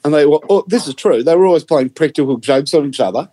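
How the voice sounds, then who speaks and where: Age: adult. Sex: man. Pitch: fairly high. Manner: chatty storyteller with fillers. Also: animated, fast, dark tone. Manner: chatty, hesitant anecdote teller. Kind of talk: casual chat, storytelling.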